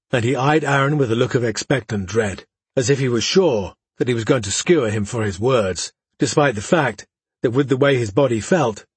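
A man reads a fantasy novel aloud in measured, even narration. His voice is husky and breathy, and the recording is very dry and close to the mic, with no room sound. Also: medium pitch, dry recording. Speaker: audiobook narrator. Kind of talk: scripted narration.

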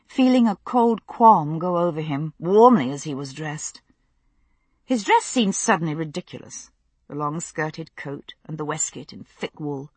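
A woman reads a novel aloud in a measured, expressive storytelling manner. Her voice is low and husky, with a lively, wide-ranging melody. The recording is close and dry. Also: no echo. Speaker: audiobook narrator. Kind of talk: scripted audiobook narration.

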